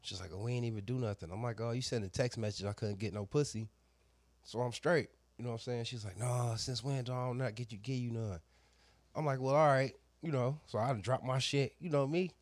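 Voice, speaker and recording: A man, a barber, casually telling a crude story with lots of slang and voiced quotes, animated and loud at times. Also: medium pitch, quick pace, no room sound.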